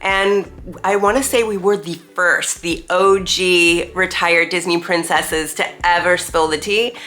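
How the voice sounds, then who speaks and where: A woman's voice: fairly low pitch, steady tone, measured pace, bright, forceful tone. A woman in her thirties, sounding nasal and congested from a cold, chatting casually and reminiscing in a vlog. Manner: chatty, reminiscing, laughs easily. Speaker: vlogger, retired theme park performer. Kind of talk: casual talking-head chat.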